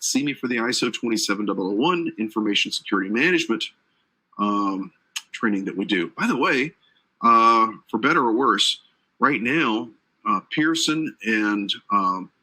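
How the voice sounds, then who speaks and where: A man's voice: lowish voice, sharp tone, poor audio. A man instructor giving a live online training lecture, chatty and joking with his audience between points. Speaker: certification exam instructor. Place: based in Atlanta.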